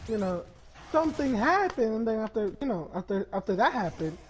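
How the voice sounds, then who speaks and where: A man's voice: high voice, sing-song, brisk, a little hiss or hum, poor audio. A man telling a story in casual chat on a stream, crude and rambling, laughing as he goes.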